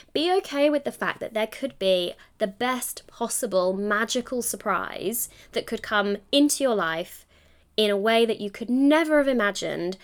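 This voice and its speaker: Encouraging woman podcast host. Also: on the high side. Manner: chatty and encouraging, corrects herself mid-sentence. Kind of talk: solo coaching podcast monologue.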